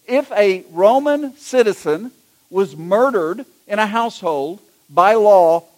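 A man's voice: sits high, slow pace. A middle-aged man, an executive pastor, preaching a sermon in a folksy, storytelling way. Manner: folksy, anecdotal, animated when telling jokes.

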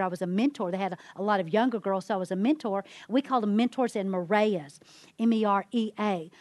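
Woman, ministry speaker, sermon-style testimony, animated storyteller, dry close sound. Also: no room sound. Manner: animated storyteller, acting out quotes in a high voice.

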